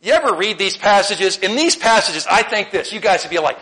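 Guy preaching a sermon, bright and kinda high, chatty, laughs a lot. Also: fairly quick, hardly any pauses. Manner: animated, conversational, asks the room questions, laughs often.

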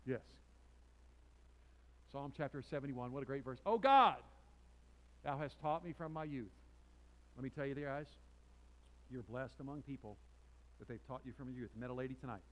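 A pastor preaching a sermon to his congregation, telling a personal story with restarts and asides, swinging from loud emphatic peaks to quiet, intense lines. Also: medium pitch, fairly even intonation, moderate pace, pauses often, poor audio. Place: church sanctuary before a congregation.

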